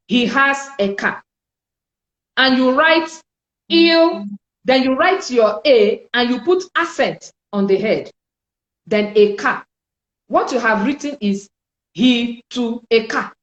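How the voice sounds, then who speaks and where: A woman with a fairly high voice leads a French lesson, slow and deliberate, repeating each sound so learners can follow. Her voice rings in an echoey room. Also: lively intonation, lo-fi sound. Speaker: French teacher. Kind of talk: spoken language lesson.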